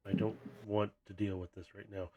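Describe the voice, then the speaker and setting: A man's voice: fairly low pitch, level tone, moderate pace, a little hiss or hum, close to an everyday voice. A man voicing a stern female robot scientist. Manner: quiet, dead serious, threatening.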